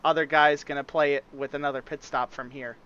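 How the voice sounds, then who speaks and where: A man's voice: fairly high pitch, level tone, brisk, fairly bright tone, clear, resonant tone. A man reporting from the pits on a sim racing broadcast, giving a methodical strategy rundown. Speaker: pit reporter. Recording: dull, lo-fi mic.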